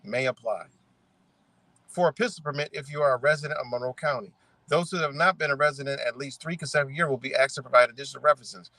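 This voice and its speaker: A man's voice: mid-range voice, quick pace, sharp tone, dry recording. A man ranting in casual commentary, swearing often, peppering his talk with "right?" and street slang as he picks apart rules he reads aloud. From Rochester, New York area. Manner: profane, conversational, rhetorical questions, street slang. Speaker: vlogger.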